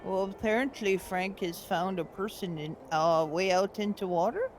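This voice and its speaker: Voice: medium pitch, moderate pace, soft background music. A player in a tabletop game who talks heatedly and swears a lot.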